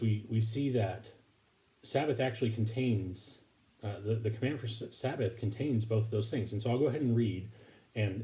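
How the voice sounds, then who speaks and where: A man giving a recorded Bible lesson to his congregation, speaking haltingly with many fillers and restarts. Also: lowish voice, dark tone. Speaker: preacher.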